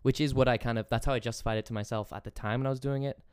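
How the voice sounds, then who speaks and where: A man's voice: medium pitch, steady tone, rapid-fire, a little mellow, clean tone, no room sound, studio quality. A young man with an English accent, chatting casually on a podcast. He swears freely and laughs easily. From England. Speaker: podcast host. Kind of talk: casual chat.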